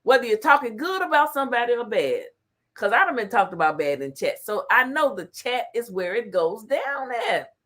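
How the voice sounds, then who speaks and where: A woman's voice: a little high, moderate pace. A woman hosting a casual livestream, reading the chat aloud and laughing often. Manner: animated, laughs often, talks back to chat. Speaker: talk show host reading live chat.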